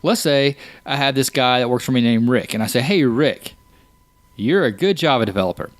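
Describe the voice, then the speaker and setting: A podcast host with a medium-pitched voice talks at normal speed in a casual solo show, with no room sound at all. He explains ideas through everyday examples and often restarts what he's saying.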